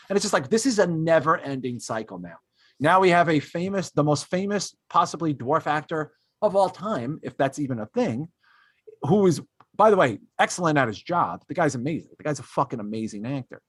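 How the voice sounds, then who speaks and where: A man's voice: a little high, animated, brisk, no room sound, studio quality. Exasperated ranting podcast host, a man. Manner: exasperated, ranting, lots of fillers and restarts; switches to mocking put-on voices when quoting others. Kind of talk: casual comedic podcast rant.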